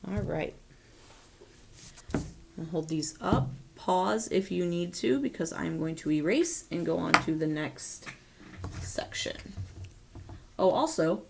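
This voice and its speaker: A woman's voice: lowish voice, lively intonation, a little slow, creaky, background noise. A woman teacher walking students through a phonics lesson step by step, patiently checking in with them as she goes. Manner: patient, explains step by step, often asks "right?". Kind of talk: recorded phonics lesson for children.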